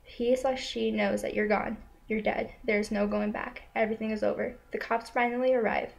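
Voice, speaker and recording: A woman telling a story in a slow, solemn, steady manner, returning again and again to the same short lines. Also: a little high, vocal fry, low-quality recording. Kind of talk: spoken second-person narration.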